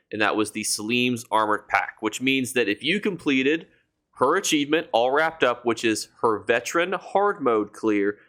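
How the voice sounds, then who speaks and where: A man's voice: mid-range voice, fairly bright tone. A man giving a game guide as a YouTuber, chatty and enthusiastic, speaking straight to his viewers. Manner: chatty and enthusiastic, addresses viewers as "you guys". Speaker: gaming YouTuber.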